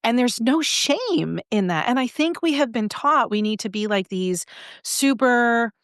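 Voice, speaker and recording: A middle-aged woman who coaches on brand voice, talking in a lively, conversational way as a podcast guest. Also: on the high side, a little slow, no room sound, studio quality. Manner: animated, acts out examples in shifting voices.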